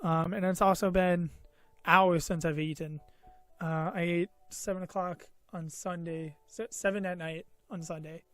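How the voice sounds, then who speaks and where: A man's voice: high-pitched, fairly even intonation, measured pace, no echo. Tired, rambling young man vlogging. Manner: meandering, full of "you know" and "uh", self-mocking. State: tired and a bit loopy. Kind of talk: rambling personal story. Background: faint background music.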